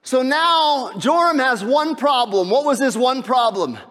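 High-voiced male pastor in a reverberant hall. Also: a little slow. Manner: animated storyteller, asks the crowd questions. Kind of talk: sermon.

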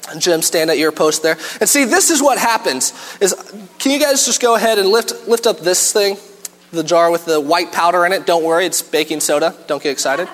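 With a high voice and a fairly quick delivery, a man preaches in church as its pastor. He animates his sermon with stories and acted-out scenes, and the recording has a big-room sound.

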